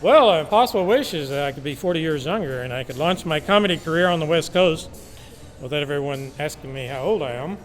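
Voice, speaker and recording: An older man in his sixties answers casually, rambling along and stopping now and then to clear his throat. His voice sits a touch high for a man. Faint music plays behind him. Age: 60s. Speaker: comedy student.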